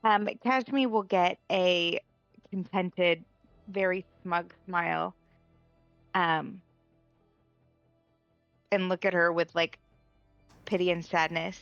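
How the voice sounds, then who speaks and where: A woman playing a tabletop game, chatting in a casual, blunt and animated way. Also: lowish voice, slow, pauses often, no echo, muffled recording, soft background music. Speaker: player.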